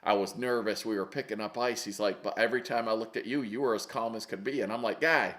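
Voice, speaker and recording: Low-voiced man telling flying stories. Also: fast. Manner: animated, acts out quotes, folksy "ain't". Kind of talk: casual storytelling chat.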